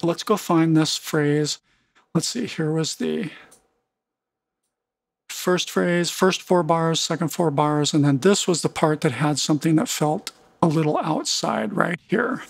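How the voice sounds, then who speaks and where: Man with a gravelly, husky voice. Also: a little high, unhurried, dry recording. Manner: casual, explanatory, thinks aloud with small restarts. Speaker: music production tutor. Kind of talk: screen-recorded software tutorial.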